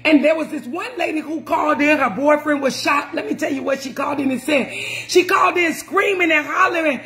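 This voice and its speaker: Brief: woman preacher, high voice, emphatic and repetitive, often shouting. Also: a little fast. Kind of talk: sermon.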